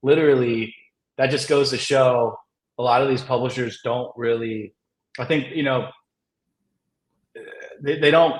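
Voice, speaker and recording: A man's voice: medium pitch, fairly even intonation, unhurried, pauses often. A man, a comic writer and guest, telling a story in a casual, rambling way, filling it with "like" and laughing often. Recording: roomy echo.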